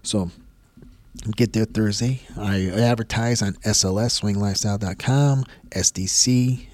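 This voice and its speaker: Blunt, profane man with a low voice. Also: fairly even intonation, unhurried, a little mellow, dry recording. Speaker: podcast host. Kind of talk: casual storytelling.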